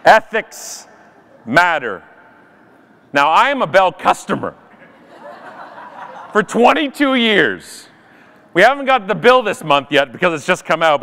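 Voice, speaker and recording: A man giving an animated, jokey conference keynote from a stage. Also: sits high, clean tone. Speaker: conference speaker. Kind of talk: keynote talk. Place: large conference hall. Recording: long hall reverb.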